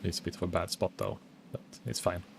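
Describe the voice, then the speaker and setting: A man's voice: sits low, steady tone, fast talker, creaky, a little hiss or hum. A man casually commenting on his own gameplay as a streamer, chatting while eating. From Sweden.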